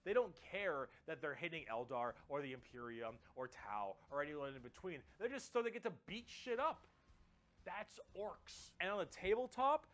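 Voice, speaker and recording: A man with a somewhat high voice explains a tabletop wargame in loose, excited chat. He swears freely and repeats words for emphasis, full of energy.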